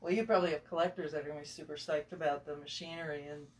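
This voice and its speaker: A man's voice: on the high side, steady tone, very fast, far from the mic. A man in a casual interview, rambling with fillers and restarts and sounding muffled behind a face mask. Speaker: collector and estate seller.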